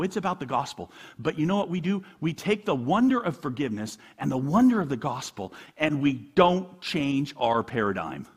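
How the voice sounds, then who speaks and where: A middle-aged man, a pastor, preaching a sermon in a church in a conversational, animated way, full of rhetorical questions. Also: mid-range voice, breathy edge.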